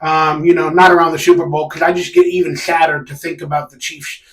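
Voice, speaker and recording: A man's voice: fairly high pitch, level tone, a little fast, far from the mic. A man hosting a sports fan live stream, ranting casually and animatedly with sarcastic, exasperated outbursts. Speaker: sports fan channel host. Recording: echoey room, a bit off mic.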